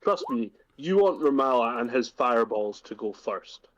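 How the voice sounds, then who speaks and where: A man playing in a tabletop game, quick, enthusiastic and sweary, over dull lo-fi call audio. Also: mid-range voice, lively intonation. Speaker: player.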